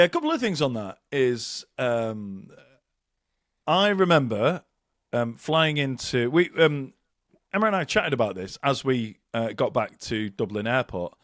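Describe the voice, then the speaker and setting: Podcast cohost guy, really animated, bouncy pitch, does little voices for quotes, dry mic. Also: no echo. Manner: animated storyteller, acts out quotes. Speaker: podcast co-host. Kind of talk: casual chat.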